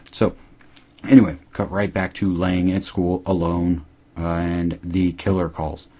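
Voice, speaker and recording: A man casually recapping a TV episode, rambling and swearing, quoting characters in high mocking voices. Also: level tone, measured pace, mellow. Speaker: podcast host recapping a TV episode. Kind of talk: casual chat.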